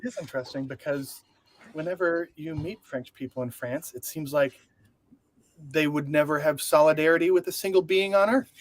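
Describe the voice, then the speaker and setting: A man's voice: on the high side, moderate pace, dry recording. A man co-hosting a talk show, chatting in a rambling, joking way and often correcting himself. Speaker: podcast co-host. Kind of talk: casual discussion.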